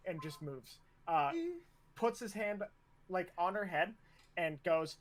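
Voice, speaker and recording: A man narrating a tabletop game as game master, relaxed and stop-start with fillers. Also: on the high side, moderate pace.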